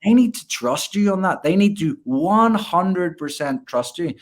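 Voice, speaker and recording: A man's voice: high-pitched, expressive, unhurried. A man, a gymnastics coach, talking earnestly as a guest in a casual interview, often repeating words as he restarts.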